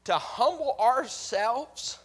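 A man preaching a sermon in a dramatic way, swinging from loud to hushed and acting out the voices he quotes. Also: extremely high pitch, expressive, slow pace, husky.

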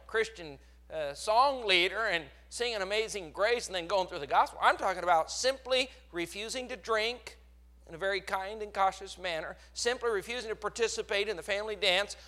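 A man's voice: high-pitched, sharp tone. A man with a Texas accent preaching a sermon, with emphatic surges in volume. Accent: Texan.

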